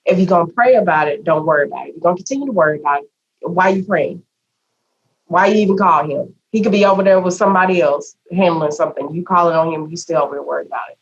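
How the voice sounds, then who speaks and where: A woman's voice: fairly low pitch, fast. A woman co-hosting a podcast, talking reflectively in a folksy, preachy way about how she was raised. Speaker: podcast co-host. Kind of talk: casual chat. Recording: dull lo-fi sound.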